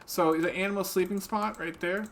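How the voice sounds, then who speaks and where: A man with a slightly high voice talks through a live game stream at his desk mic. He is chatty and quick to giggle, narrating moves and answering viewers. A faint patter of keyboard typing runs underneath. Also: steady tone, gravelly, a little hiss or hum. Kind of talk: casual live-stream commentary. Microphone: desk microphone.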